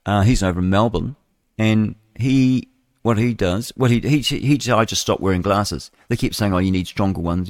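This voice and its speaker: A man's voice: lowish voice, no room sound, clean studio sound. An older man hosting live radio, reading the news with chatty, rambling asides. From New Zealand. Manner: chatty, digressive, chuckling asides. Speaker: radio host.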